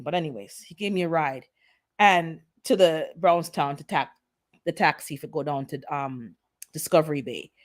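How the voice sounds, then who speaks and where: Livestream host: Jamaican woman, fairly low voice, casual chatty storytelling. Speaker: gardening channel host.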